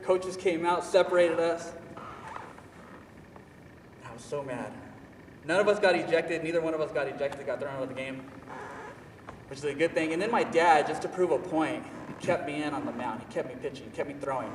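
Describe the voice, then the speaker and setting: A young man with a fairly high voice tells a personal story at a normal speed, animated and self-mocking, leaning hard on his words. The mic is distant, placing him in a large, echoey hall with a faint room hum behind him.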